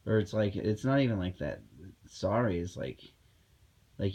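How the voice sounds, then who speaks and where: A man's voice: lowish voice, lively intonation, moderate pace, pauses often, warm tone, husky, dull audio. A man talking in a casual vlog monologue, rambling and heated, with many fillers and restarts, recorded at home. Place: at home indoors.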